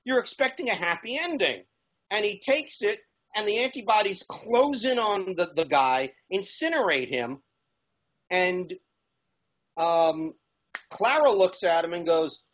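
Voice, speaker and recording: A man with a fairly high voice, chatting as a guest on a talk show. He talks eagerly and rambles, restarting his sentences as he goes. The sound is dull and lo-fi. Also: big pitch swings, measured pace, fairly bright tone. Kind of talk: casual chat.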